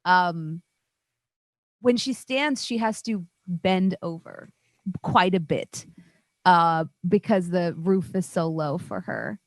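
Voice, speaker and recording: Chill woman dm narrating, kinda low voice, lotsa likes and ums, dry close sound. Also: slow pace, dry recording. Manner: relaxed, lots of fillers, gentle. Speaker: dungeon master. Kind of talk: narrating a tabletop game.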